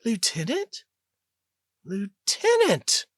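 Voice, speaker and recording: Man playing a scrappy young woman pilot, voice way up high, calls out urgent, dry audiobook sound. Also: sing-song, measured pace, gravelly, dry recording, heavily acted. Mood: panicked. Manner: high, urgent shouting over comms. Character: tough young female pilot, brash soldier.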